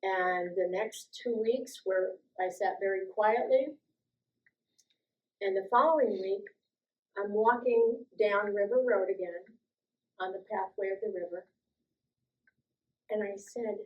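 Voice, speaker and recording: Older woman telling lively life stories. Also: medium pitch, unhurried, pauses often, low-quality recording. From US East Coast. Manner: lively, acts out quoted voices, laughs often. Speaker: guest speaker sharing life stories. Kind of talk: personal storytelling talk.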